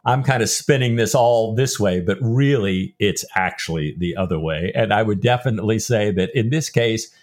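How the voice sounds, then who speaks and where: A man's voice: fairly low pitch, normal speed, hardly any pauses. A middle-aged man hosting a podcast, chatting loosely about a novel and reading passages aloud with feeling. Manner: rambling, reads book passages aloud with feeling. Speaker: podcast co-host. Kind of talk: casual book-discussion chat.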